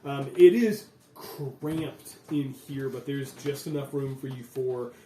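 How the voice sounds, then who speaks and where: A man running a tabletop game as game master, narrating in a relaxed way with many fillers. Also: mid-range voice, slow. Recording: echoey room, voice from far off.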